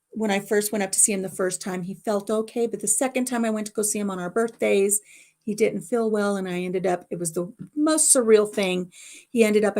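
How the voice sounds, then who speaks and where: A middle-aged woman hosts a casual livestream from her home, telling a family story in a rambling, heartfelt way. Her voice has a gravelly, creaky edge and sits at an ordinary pitch for a woman. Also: dark tone. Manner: rambling, emotional personal storytelling. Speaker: livestream host.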